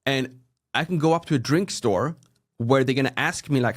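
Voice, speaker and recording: A man from Sweden with a Swedish accent, in his thirties, chatting casually as a guest and acting out people's reactions with big jumps in his voice. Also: moderate pace. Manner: animated storytelling, acts out quoted reactions with big pitch jumps. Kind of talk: casual interview chat.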